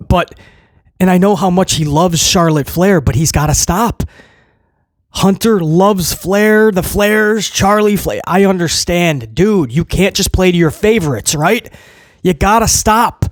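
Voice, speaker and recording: A man talks through a wrestling show in a casual spoken review, blunt and emphatic, stacking up repeated phrases. His voice sits fairly high for a man. The sound is dry and close, with no room behind it. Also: dry recording.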